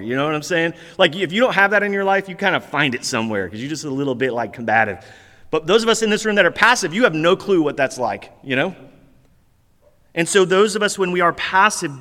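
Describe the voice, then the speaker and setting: A man's voice: on the high side, pushed and bright, big-room sound. A man preaching a sermon as pastor, talking in a conversational, earnest and self-deprecating way.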